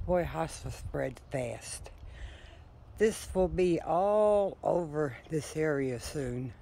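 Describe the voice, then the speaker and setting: Older woman vlogger, husky fry in the voice, unhurried, breathless homey chatter. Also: deep voice, mellow, slight background noise. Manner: chatty, rambling, laughs often. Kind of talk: casual home video chat.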